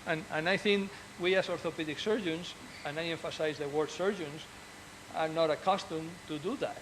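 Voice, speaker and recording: Surgeon, male, a bit high in pitch, earnest and encouraging, stops and restarts often, faint noise behind. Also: steady tone, fairly quick. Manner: earnest and encouraging, with frequent restarts and repeated words. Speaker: orthopedic surgeon. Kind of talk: speaking to fellow doctors.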